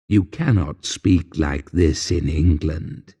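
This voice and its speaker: A man narrating a graded English story in a measured, deliberate reading voice. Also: lowish voice, very animated, dark tone, in a large hall. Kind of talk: slow scripted story narration for learners.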